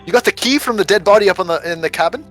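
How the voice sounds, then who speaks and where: A man's voice: high voice, lively intonation, racing, fairly bright tone, faint music behind, poor audio. A man playing a tabletop game, chatting casually with the other players in a rambling, joking way and laughing often. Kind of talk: casual chat between players.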